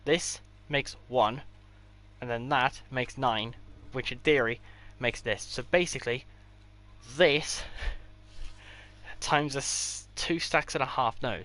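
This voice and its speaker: A man's voice: medium pitch, slow pace, sharp tone, slight background noise. A man giving a casual, rambling tour of his game builds, with offhand delivery and dry sarcastic asides. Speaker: gaming creator.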